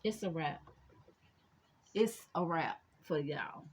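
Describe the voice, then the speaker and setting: A woman in her fifties with a fairly low voice, chatting casually to her viewers. She rambles loosely and slows down when she reads affirmations. A faint hiss sits under her voice. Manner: slow reflective affirmations. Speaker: spiritual reader and vlogger. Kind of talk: casual spiritual chat vlog.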